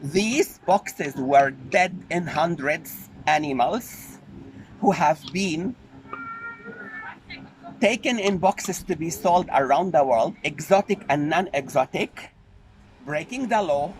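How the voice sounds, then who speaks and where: A man's voice: on the high side, lively intonation, slow. A man making an earnest, pleading spoken appeal for animal welfare, repeating his key points. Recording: noisy background.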